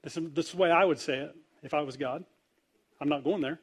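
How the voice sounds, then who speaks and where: A man's voice: fairly high pitch, fast, slightly rough. A man preaching a humorous sermon, acting out the voices in the story as he goes, his volume rising and falling widely. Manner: animated storytelling, acts out quoted voices, wide swings in loudness.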